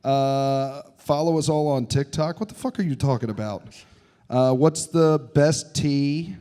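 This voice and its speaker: A man telling loud, profane, laughing stories on a comedy club stage into a handheld mic. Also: medium pitch, a little slow, clean tone. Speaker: comedian and teacher. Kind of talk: live comedy Q&A storytelling.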